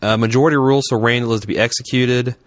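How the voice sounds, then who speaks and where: A man's voice: mid-range voice, fairly even intonation, fast talker, no room sound. A man co-hosting a casual podcast, joking around and reading an episode synopsis aloud. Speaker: podcast co-host.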